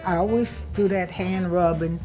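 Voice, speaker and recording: Faint music plays behind a woman whose voice is on the low side and darkish, at a moderate pace. A Gullah Geechee chef and cookbook author from South Carolina, she cooks outdoors at a family cookout, talking casually and proudly in a homey way and explaining as she works.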